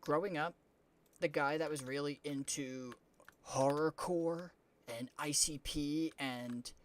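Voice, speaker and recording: A young adult streamer talking off the cuff during a game stream, the voice sitting at an ordinary middle pitch. The speech rambles and loops, packed with "like" and frank swearing. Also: steady tone, slow pace, a little hiss or hum.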